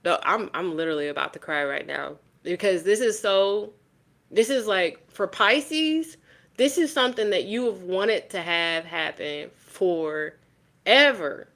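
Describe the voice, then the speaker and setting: A woman giving a casual tarot reading straight to the viewer. She is animated and swears freely, and she repeats phrases for emphasis. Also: mid-range voice, unhurried. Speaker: tarot reader.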